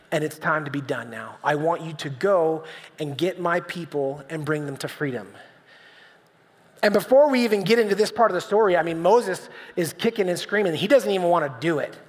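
A man preaching with a high, bright voice that rings through a church hall with a long echo. He talks in a relaxed, conversational way, telling stories and acting out voices for laughs. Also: normal speed. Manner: conversational, storytelling, acts out voices with humor. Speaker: pastor. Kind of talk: sermon. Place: church stage.

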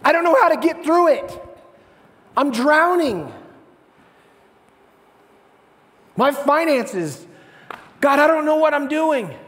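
A man's voice: very high-pitched, moderate pace, in a large hall. A man voicing a desperate person crying out to God in a frantic, pleading way.

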